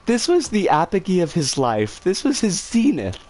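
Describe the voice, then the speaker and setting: A woman streamer casually telling a story, animated and swearing freely. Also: lowish voice, moderate pace.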